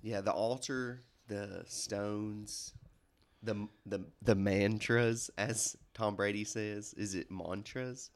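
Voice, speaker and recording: A man's voice: on the low side, steady tone, slow pace. A man co-hosting a podcast who recaps events in casual chat, rambling with filler words. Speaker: podcast co-host.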